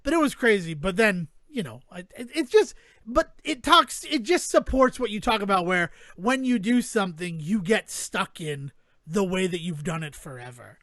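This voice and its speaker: A man's voice: sits high, expressive, normal speed, a bit bright, no echo. A man in his thirties co-hosting a podcast, telling rambling stories with frequent chuckles. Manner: rambling storyteller, chuckles often. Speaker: podcast co-host. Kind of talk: casual chat.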